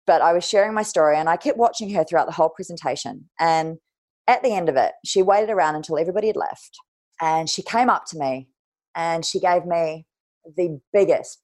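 A woman's voice: lowish voice, brisk, darkish tone. A young woman, a guest on a podcast, telling a personal story in a candid, casual way. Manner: candid, casual, swears lightly.

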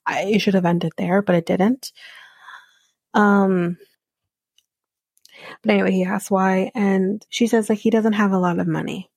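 Woman, podcast host, chatty opinionated recap, gravelly edge, dry close sound. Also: mid-range voice, fairly even intonation, unhurried, long pauses, darkish tone, no room sound. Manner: chatty, opinionated, frequent ums and asides. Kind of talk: casual recap commentary.

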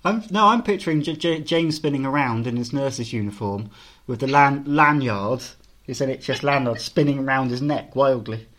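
A man's voice: mid-range voice, moderate pace, a bit bright. Teasing man co-hosting a podcast. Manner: teasing, fond of crude jokes. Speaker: podcast co-host presenting news. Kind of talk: casual chat.

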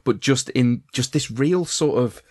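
A man's voice: medium pitch, unhurried, darkish tone, no room sound, studio quality. A man chatting enthusiastically about a film, laughing often and restarting his sentences. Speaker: podcast film discussion panelist. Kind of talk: casual chat.

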